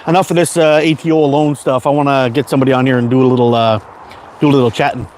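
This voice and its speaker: A man's voice: medium pitch, steady tone, racing, a little mellow, a little hiss or hum. A Canadian man in his forties hosting a casual livestream, rambling and chatting as he answers viewer comments. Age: 40s. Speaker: livestream host.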